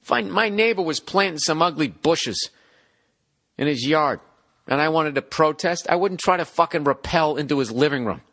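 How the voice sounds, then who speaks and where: A man's voice: on the high side, lively intonation, moderate pace, fairly bright tone. A man, ranting profanely and incredulously in a casual comedic monologue. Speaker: podcast host.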